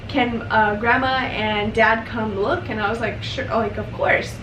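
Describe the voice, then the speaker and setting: A young woman tells a long personal story while she does her makeup, chatty and emotional, with "like" in almost every sentence. Her voice sits a little high. The sound is roomy and comes from a mic set some distance away, with a faint hiss behind her. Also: flat delivery, a little slow, hardly any pauses. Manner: chatty, filler-heavy, emotional retelling. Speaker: vlogger.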